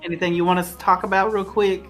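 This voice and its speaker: Co-host of average pitch, teasing, banter-heavy delivery. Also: flat delivery, fast talker, fairly bright tone, soft background music. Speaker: podcast co-host. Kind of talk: casual chat on a livestream.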